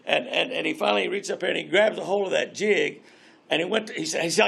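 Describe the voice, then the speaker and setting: An older man, telling rambling, animated fishing stories as an interview guest. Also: a little high, fast, creaky, slightly rough. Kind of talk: casual storytelling interview.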